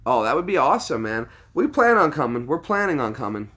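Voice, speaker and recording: A man from the United States hosting a relaxed livestream, chatting with his viewers. He is jokey and quick to laugh, with a voice of ordinary pitch. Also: husky. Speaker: livestream host. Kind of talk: casual livestream chat.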